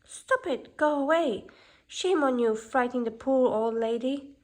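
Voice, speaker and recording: A woman voicing gentle Snow White. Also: high voice, measured pace, pitched above the performer's own voice. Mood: earnest. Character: young princess, gentle and kind. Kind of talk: storybook reading.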